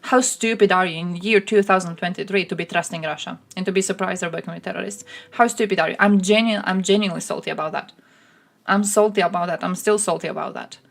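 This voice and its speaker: A woman's voice: fairly low pitch, fast talker, gravelly. Blunt, swearing woman streamer. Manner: blunt, sarcastic, swears often; mocks others in put-on voices. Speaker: streamer reacting to chat. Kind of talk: casual livestream commentary.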